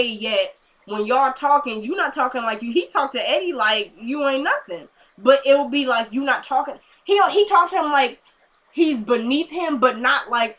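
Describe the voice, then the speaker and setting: A woman recapping a TV episode in a chatty, excitable and slangy way. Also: high voice, moderate pace. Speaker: TV episode reviewer. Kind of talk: casual recap commentary.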